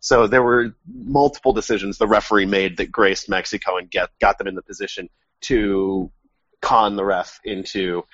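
A man's voice: on the low side, steady tone, normal speed, fairly bright tone, no echo, muffled recording. A man hosting a casual sports podcast over a remote call, talking wryly and correcting himself as he goes. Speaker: podcast host. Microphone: remote call mic.

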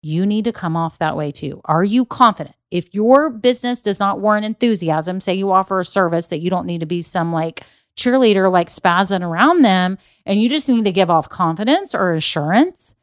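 A woman's voice: medium pitch, lively intonation, normal speed, no room sound, clean studio sound. A woman, talking casually and enthusiastically as a business coach, with many fillers. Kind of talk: casual motivational talk.

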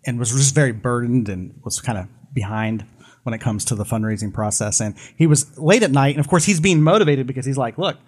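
Animated man retelling a story. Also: mid-range voice, brisk, breathy edge. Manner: animated storyteller, many restarts and fillers. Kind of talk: casual discussion, retelling a story.

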